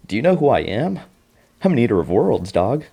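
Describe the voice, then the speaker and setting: A man's voice: lowish voice, very animated, unhurried, a little mellow, slightly rough, full character voice. A man voicing a smug male evil clown entity, talking in casual slangy mockery. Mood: mocking.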